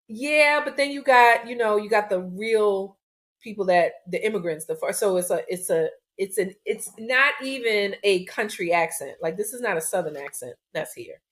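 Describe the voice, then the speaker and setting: A woman's voice: medium pitch, animated, normal speed, a bit bright. A woman co-hosting a podcast, opening the show with energy and then chatting casually with her sister, laughing often. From United States. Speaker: podcast co-host. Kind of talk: casual chat. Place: lives in Florida.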